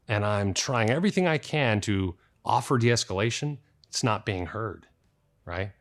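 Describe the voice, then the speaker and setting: A man who works as a police officer, explaining his work to the camera in a plain-spoken, conversational way with a light joking touch. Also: fairly low pitch.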